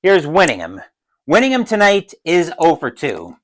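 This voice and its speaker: A man calling a tabletop dice baseball game as a solo play-by-play announcer, who gets loud and excited on big plays. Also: fairly high pitch, moderate pace, low-quality recording. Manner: adds his own crowd cheers.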